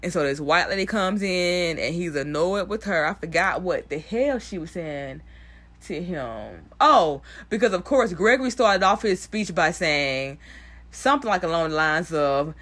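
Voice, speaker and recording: A young woman giving a blunt, animated recap of a TV episode, swearing freely. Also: sits low, a little slow. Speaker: TV recap vlogger. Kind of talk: casual profane show recap.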